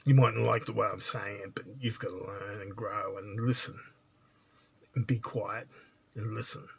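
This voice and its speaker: A man's voice: fairly low pitch, fairly even intonation, normal speed, creaky, husky. A man giving a spiritual monologue as a teacher, blunt and lecturing, often checking in with "right?".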